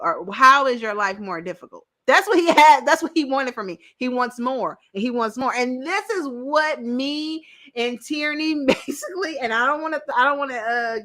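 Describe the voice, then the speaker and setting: Blunt, bright-voiced woman ranting. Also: sits high, fairly quick. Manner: blunt, direct, profane. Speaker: commentary host. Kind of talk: reaction commentary on a panel clip.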